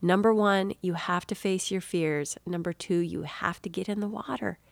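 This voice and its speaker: A middle-aged woman hosts an inspirational podcast with a low voice. She tells personal stories in a chatty, encouraging manner and calls her listener dear soul. The sound is dry, with no room around her. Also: steady tone, normal speed, vocal fry, no room sound. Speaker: podcast host and author. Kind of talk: inspirational talk.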